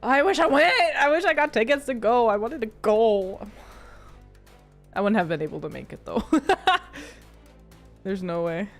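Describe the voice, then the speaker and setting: A young woman hosting a watch party, excitable and foul-mouthed. Her voice sits high and leaps around a lot. She talks at an easy, unhurried pace. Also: soft background music. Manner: excitable, swearing, laughing. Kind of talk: casual reactive co-streaming. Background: match broadcast audio.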